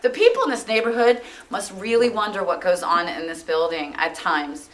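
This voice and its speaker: A woman telling a theatre anecdote in an animated way, acting out the quoted lines in raised voices. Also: mid-range voice, normal speed, slight background noise. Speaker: interviewee in theatre documentary.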